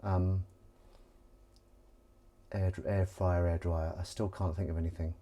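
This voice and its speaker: A man's voice: low voice, flat delivery, a little slow, dark tone. Rambling, playful man streaming. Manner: rambling, playful, self-mocking. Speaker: live streamer. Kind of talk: casual live-stream chat.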